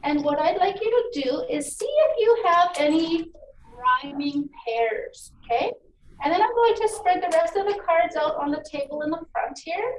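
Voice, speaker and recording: A woman teacher giving a phonics lesson to children, encouraging and enunciating each sound clearly. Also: extremely high pitch, lively intonation, moderate pace. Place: meeting room. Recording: echoey room, distant mic, faint noise.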